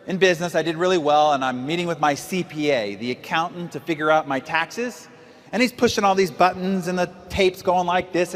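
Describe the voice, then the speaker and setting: A man's voice: high-pitched, a bit bright, in a large hall. A man in his forties gives a seminar talk as a motivational speaker, emphatic and full of rhetorical questions. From United States. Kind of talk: seminar talk to a live audience.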